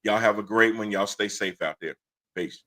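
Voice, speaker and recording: A man's voice: on the low side, moderate pace, noisy background. A man hosting a casual livestream talk show, blunt and impassioned, laughing often. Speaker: host.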